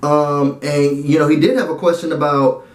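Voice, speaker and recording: A man's voice: fairly high pitch, moderate pace, roomy sound. A man giving a casual recap and review of a reality show, dramatic and slangy, talking straight to his viewers. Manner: animated, dramatic and slangy, talks to viewers directly.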